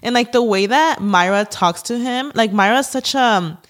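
A woman in her thirties hosting a podcast, chatting casually and rambling excitedly with many fillers. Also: on the high side, moderate pace. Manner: gushing, rambling, lots of "like" and "y'all". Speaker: podcast host. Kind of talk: casual chat.

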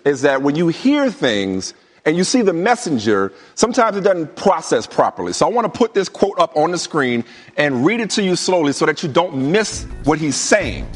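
A teasing, higher-voiced sports talk man. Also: very animated, big-room sound, soft background music. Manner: playful, teasing, drawn-out emphasis. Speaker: sports talk show co-host. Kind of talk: lively studio sports debate.

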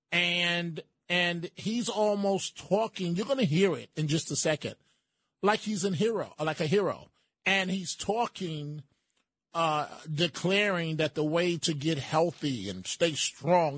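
A male host delivering opinionated news commentary at a slow, deliberate pace. His voice sits a little high for a man, and his sardonic, emphatic remarks are broken up by frequent fillers. The sound is dry and close, with no room behind it. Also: fairly bright tone, no echo.

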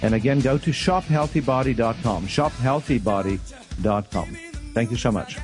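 A man hosting a talk radio show, speaking in a halting way with many fillers as he signs off. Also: mid-range voice, darkish tone, faint music behind.

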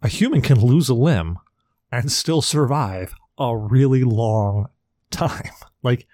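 A man's voice: medium pitch, expressive, takes it slowly, a little mellow, no echo. Profane rambling man, dry close sound. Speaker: podcast co-host. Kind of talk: casual chat.

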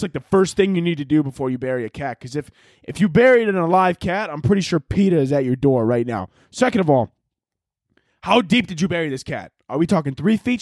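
A man hosting a podcast alone, rambling through a crude comedic monologue and jumping into loud shouted bits. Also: on the high side, dry recording, clean studio sound. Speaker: podcast host.

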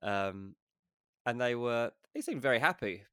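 A man's voice: mid-range voice, expressive, a little slow, fairly bright tone, smooth, dry recording, studio quality. A man co-hosting a casual podcast, presenting a segment in an upbeat, teasing way. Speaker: podcast co-host. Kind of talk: casual chat.

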